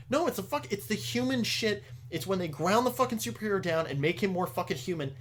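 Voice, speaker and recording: An excitable man talking in a relaxed podcast chat, with a fairly high voice that climbs as he gets worked up. He swears constantly and bursts into loud rants, then drops back down to a quieter retelling. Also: fast, few pauses. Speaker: podcast co-host. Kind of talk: casual chat.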